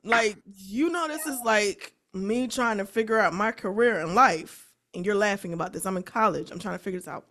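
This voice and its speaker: A woman in her twenties chats as a podcast co-host, with a mid-pitched voice. She tells her side of a story in a wry, mock-offended way. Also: fairly quick, few pauses, a bit bright. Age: 20s. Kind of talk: casual chat.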